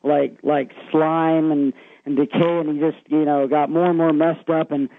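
A man's voice: a little high, level tone, normal speed, gravelly, dry recording. A man calling in to a radio show, earnestly retelling a secondhand story with many fillers. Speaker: caller. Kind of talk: phone-in storytelling. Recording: tinny phone line.

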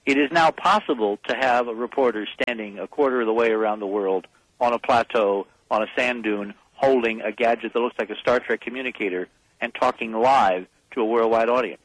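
A man's voice: mid-range voice, fairly quick, no echo, rough recording. A man as a guest on a call-in radio show, speaking emphatically and urgently, rallying the listeners.

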